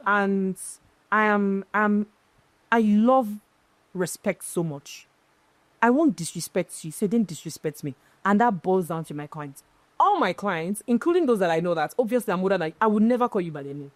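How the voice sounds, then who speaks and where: A woman's voice: medium pitch, expressive, normal speed, dry recording. Woman, event-planner guest, emphatic storyteller, dry close sound. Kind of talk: casual interview chat.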